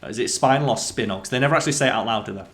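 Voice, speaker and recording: A man hosting a let's play, chatting excitedly over gameplay, swearing freely and quizzing his co-player. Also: lowish voice, very fast. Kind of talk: casual gameplay commentary.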